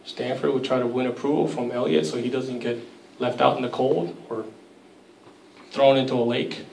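A man's voice: medium pitch, fairly even intonation, moderate pace, gravelly, darkish tone, reverberant, far from the mic, a little hiss or hum, low-quality recording. A man preaching a sermon in a conversational, storytelling way, acting out quoted voices. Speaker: pastor.

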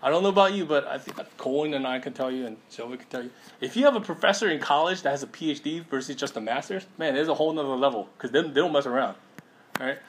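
A man's voice: mid-range voice, lively intonation, fast talker. Chatty man preaching with constant "okay?". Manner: conversational, many fillers and "okay?" check-ins. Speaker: pastor. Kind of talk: sermon.

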